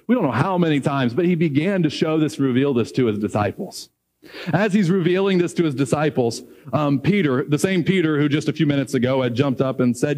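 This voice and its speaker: Brief: middle-aged male preacher, fairly high voice, lively sermon delivery with acted-out quotes. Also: normal speed. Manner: animated, rising high when excited, acts out quoted dialogue.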